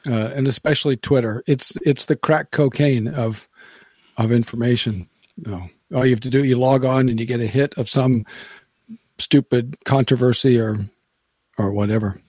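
A man's voice: mid-range voice, fairly even intonation, moderate pace, darkish tone, dry recording. A man, a former radio broadcaster, chatting casually as a podcast guest, rambling and restarting his sentences and laughing often. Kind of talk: casual chat.

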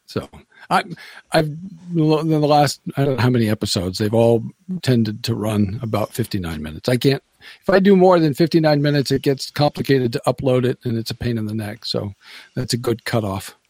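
A man's voice: medium pitch, lively intonation, normal speed, darkish tone, no echo. A man, a former radio broadcaster, chatting casually as a podcast guest, rambling and restarting his sentences and laughing often. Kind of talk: casual chat.

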